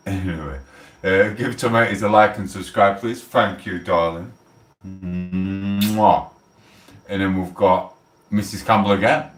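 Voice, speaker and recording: A very deep-voiced man in his forties rambles through a casual live stream, chatty and freely swearing. He sits well back from the mic in a roomy, echoing kitchen. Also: steady tone, moderate pace. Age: 40s. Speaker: livestreamer. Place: home kitchen. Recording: roomy echo, distant from the mic.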